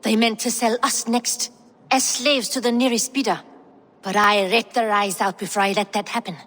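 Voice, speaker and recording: A woman's voice: fairly high pitch, fairly even intonation, moderate pace, a bit bright, in a large hall. An actress playing a forthright woman merchant freed from captivity in a video game. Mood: defiant. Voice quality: bold, forthright.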